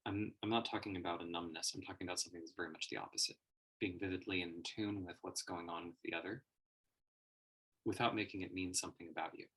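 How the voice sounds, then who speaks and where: Man, low gravelly voice, husky edge, reflective livestream talk. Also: fairly even intonation, fast talker, a bit bright. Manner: reflective, searching for words, laughs often. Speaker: personal growth teacher. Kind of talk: livestream monologue.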